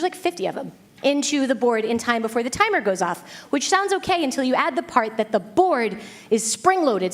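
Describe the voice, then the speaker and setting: A woman in her thirties giving an animated, self-mocking talk to a live audience, with quick asides to the crowd. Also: high-pitched. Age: 30s. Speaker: speaker.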